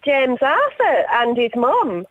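A woman calling in to a radio show, excited and chatty. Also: high-pitched, takes it slowly, background noise. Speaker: caller. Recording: tinny phone line.

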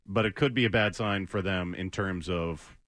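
A man's voice: deep voice, normal speed, a bit bright, dry recording, studio quality. A man hosting a sports talk radio show, speaking earnestly and rambling with many hesitations.

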